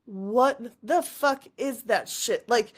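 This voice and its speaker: High-pitched woman host, heated casual chat, swears freely, restarts sentences. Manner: swears a lot, rambling and heated; quick restarts and stammers. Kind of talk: casual conversation.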